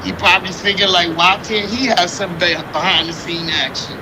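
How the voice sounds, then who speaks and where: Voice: medium pitch, fairly even intonation, normal speed, noisy background. A co-host in a casual chat, asking playful, teasing questions.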